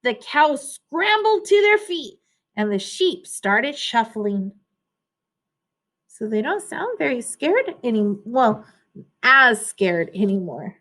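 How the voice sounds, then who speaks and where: A woman reading a children's storybook aloud, pausing to explain words and ask the listeners questions. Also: on the high side, big pitch swings, pushed and bright.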